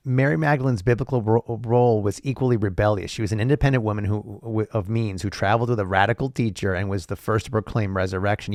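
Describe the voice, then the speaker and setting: A man with a low, gravelly voice rambles through a solo podcast monologue. He throws in profane, sarcastic asides and restarts often. The sound is dry and close. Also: quick pace, hardly any pauses, no room sound. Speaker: podcast host.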